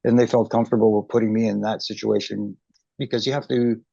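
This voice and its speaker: A middle-aged man recounts a memory in a chatty, restart-filled way. His voice sits low and gravelly, and the call audio is dry and dull. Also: flat delivery, quick pace, mellow, dry recording. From Canada. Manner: chatty, many fillers and restarts, emotional recollection. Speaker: guest, retired wrestling referee. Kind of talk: anecdotal interview storytelling.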